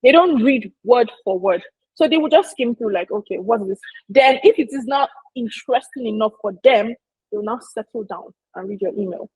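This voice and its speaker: Her fairly high, husky voice has a darkish tone, and she speaks at a moderate pace with lots of animation. As a business marketing presenter, she chats emphatically and straight to her audience in an informal teaching talk. The low-quality recording has no echo.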